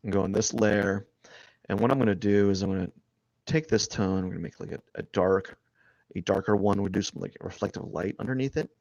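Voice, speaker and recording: A man streaming live as he draws, rambling and thinking aloud, restarting his sentences and often trailing off quietly. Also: lowish voice, a little fast, creaky, no room sound. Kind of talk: casual live-stream narration while drawing.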